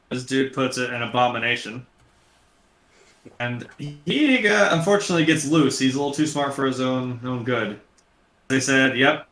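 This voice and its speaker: A man's voice: mid-range voice, bright, forceful tone, reverberant. A man co-hosting a casual film talk show, rambling and swearing freely, with many restarts. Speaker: podcast co-host.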